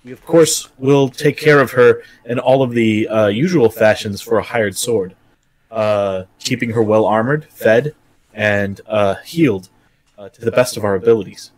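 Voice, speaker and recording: A man's voice: lowish voice, unhurried. Man speaking formally in character. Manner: formal, wordy phrasing with hesitations. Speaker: player. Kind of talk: in-character speech in a tabletop game.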